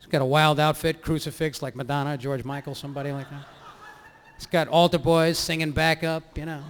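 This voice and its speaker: A man's voice: a little high, level tone, brisk, clear, resonant tone. A man doing stand-up on stage into a mic, teasing the crowd with brash, mocking asides. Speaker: stand-up comedian. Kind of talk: live stand-up set with crowd work. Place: live show stage. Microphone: stage mic, soundboard feed.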